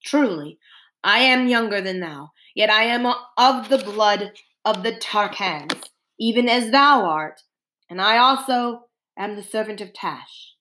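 A woman's voice: mid-range voice, expressive, takes it slowly, bright, forceful tone. A woman voicing an earnest young male soldier who speaks in formal, old-fashioned words.

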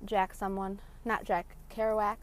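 A woman ranting casually in a vlog, cursing freely and telling a story about her loud mother. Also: medium pitch, a little slow, a little hiss or hum. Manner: profane, animated storytelling with loud imitations. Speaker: vlogger. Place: in her parked car.

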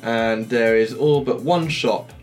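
A man from England telling stories in a relaxed, casual podcast chat. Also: medium pitch, slow pace, soft background music. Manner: relaxed storytelling. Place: shed studio.

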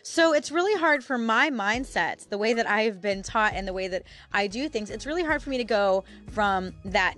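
Woman, 30s, podcast host, casual chat, candid, middle pitch, faint background music. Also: expressive, normal speed, few pauses, fairly bright tone. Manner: chatty and candid, with frequent fillers and laughs.

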